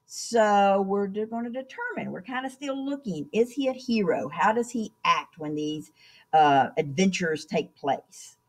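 A woman's voice: medium pitch, animated, a little slow. A woman teacher talking students through the week's online assignments in a chatty way, often checking in with "okay?". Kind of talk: screen-recorded class instructions.

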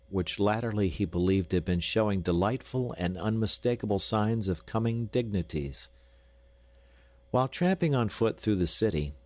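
Low-voiced male audiobook narrator. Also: no room sound. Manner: measured, lightly expressive storytelling. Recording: dry close studio recording.

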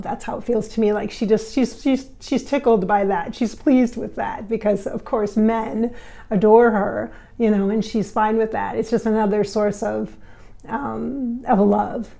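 A woman's voice: mid-range voice, creaky, warm tone. A woman hosting a spiritual vlog, talking in an effusive, giggly way with frequent laughs. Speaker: channeler and vlog host. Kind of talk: casual spiritual vlog talk.

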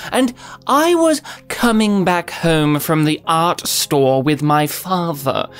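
An Australian woman telling a comic story in a rambling, digressive, mock-earnest way. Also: mid-range voice.

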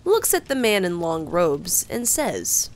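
A woman narrating a tabletop adventure like a storybook, expressive and unhurried. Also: fairly low pitch. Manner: slow, expressive telling with character voices. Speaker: game master narrator.

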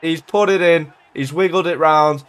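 A young man casually commentating his own football video game career mode, chatty and excitable, with sudden shouts at big chances. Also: on the high side, normal speed, clear, resonant tone. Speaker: gaming YouTuber.

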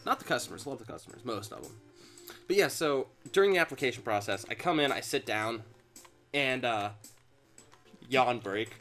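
Lively, bright young man telling a story. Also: medium pitch, normal speed, long pauses, soft background music. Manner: storytelling, teasing, laughing. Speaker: co-host. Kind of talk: casual gaming chat.

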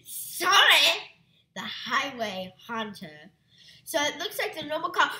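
A woman hosting a casual stream about retro toys, giggly and animated, who keeps slipping into silly voices. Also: sits high, slow, roomy sound. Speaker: host reviewing retro toys. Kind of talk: casual livestream chat.

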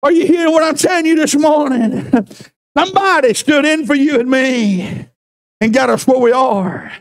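Fervent high-pitched preacher shouting. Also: male voice, normal speed. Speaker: pastor. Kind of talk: sermon. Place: church.

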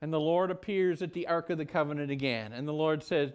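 Pastor guy telling a bible story, lively and chatty, smooth clear voice. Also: fairly high pitch, a little fast. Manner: animated storytelling, conversational. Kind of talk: Bible teaching vlog.

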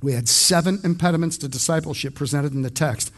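A man's voice: fairly high pitch, fast. Male pastor with a slightly raised voice, conversational but punchy verse-by-verse preaching. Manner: emphatic, conversational, addresses the congregation directly. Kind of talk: expository sermon.

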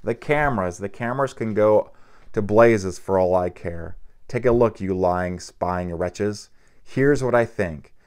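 A man reading a drunken bodyguard, roaring and slurring, bitter and loud, a smooth low audiobook voice pushed hard. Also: measured pace, natural voice.

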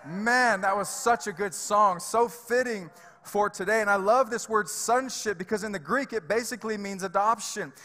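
A man's voice: high voice, normal speed, bright, forceful tone. A male pastor preaching a sermon in a church, emphatic and conversational, with fillers and repeated words. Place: church sanctuary. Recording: reverberant church hall.

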